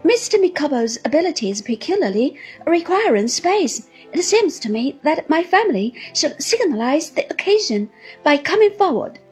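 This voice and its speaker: A woman's voice: high voice, big pitch swings, moderate pace, soft background music, pitched above the performer's own voice. A woman voicing a genteel, earnest middle-aged wife who speaks in a lofty, emphatic, long-winded way.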